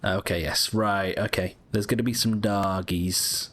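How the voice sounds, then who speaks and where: A man's voice: on the low side, steady tone, a little slow, fairly bright tone. A British man giving casual, rambling commentary over a video game, often correcting himself. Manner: chatty, rambling, self-correcting. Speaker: gaming YouTuber.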